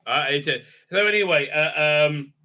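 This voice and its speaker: Bright-voiced man rambling through a recap. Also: on the high side, moderate pace. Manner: hesitant, heavy on fillers, irreverent. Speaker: video reviewer.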